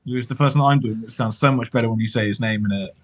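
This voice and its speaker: A man's voice: medium pitch, very fast, no room sound, rough recording. A man chatting casually about film history as a podcast co-host, rambling with lots of fillers and hedges.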